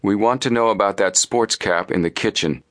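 A man's voice: lowish voice, normal speed, fairly bright tone, pitched above the performer's own voice, lightly acted. A man doing a determined teenage boy sleuth. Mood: firm. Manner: firm, tense.

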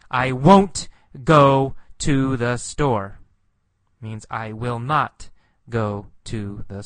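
A man teaching English slowly and patiently, repeating words and explaining what they mean. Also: medium pitch, fairly bright tone, no echo.

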